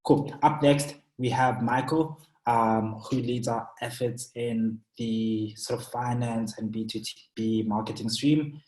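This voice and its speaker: A man's voice: mid-range voice, fairly even intonation, slow, hardly any pauses, a little mellow. A man moderating a webinar, introducing the next speaker in a casual way with fillers. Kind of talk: hosting a webinar. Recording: dull, roomy call audio.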